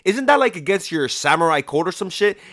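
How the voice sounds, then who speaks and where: A man's voice: high-pitched, sing-song, fairly quick, a bit bright. A young man voicing a scheming warlord who taunts his prisoner in a smug, petty way.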